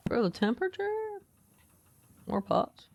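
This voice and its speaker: Game streamer, gravelly voice with some fry, dry close sound, talks through puzzles and reads on-screen text. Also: medium pitch, very animated, a little slow, dry recording. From United States. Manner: chatty, thinks aloud and reads game text aloud. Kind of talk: live gaming commentary.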